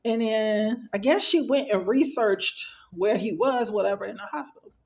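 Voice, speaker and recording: Woman with a gravelly edge telling a personal story. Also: fairly high pitch, normal speed, darkish tone. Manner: conversational, acts out quoted dialogue, frequent fillers. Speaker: storyteller sharing a personal experience.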